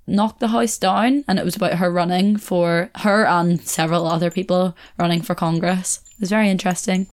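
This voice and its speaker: A young woman with a slightly low voice chats casually to her viewers. She keeps second-guessing herself and laughing. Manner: chatty, self-correcting, laughs often. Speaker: vlogger. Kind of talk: casual chat to camera.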